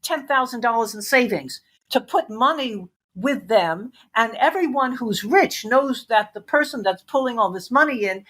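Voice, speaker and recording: A woman's voice: fairly high pitch, animated, moderate pace, fairly bright tone. A woman interview guest giving intense, emphatic testimony, repeating phrases for weight.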